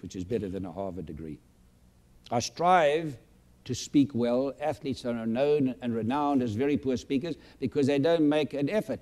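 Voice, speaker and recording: An older man in his late seventies speaks to an audience in a large room. He is boastful and emphatic, with a sentimental streak. His voice sits at an ordinary middle pitch for a man. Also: mellow. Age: 70s. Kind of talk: motivational speech.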